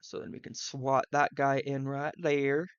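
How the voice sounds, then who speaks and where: A man's voice: medium pitch, flat delivery, a little slow, clean tone, dry recording, dull audio. A man from the Southern US, streaming live and thinking aloud, rambling with fillers and side tangents.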